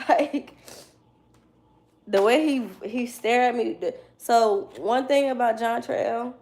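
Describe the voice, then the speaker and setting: A woman's voice: fairly high pitch, slow pace, a little mellow. A young woman telling a casual story to her viewers, loose and slangy, with frequent swearing and laughter. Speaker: tarot reader.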